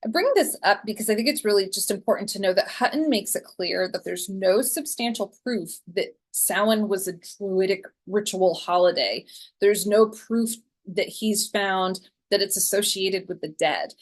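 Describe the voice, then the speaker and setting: A woman in her forties delivers a presentation in an easygoing, conversational way. She keeps the flow loose, filling pauses with ums and restarting phrases as she thinks aloud, and her voice sits at a middle pitch for a woman. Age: 40s. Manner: chatty, frequent ums and restarts. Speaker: guest speaker.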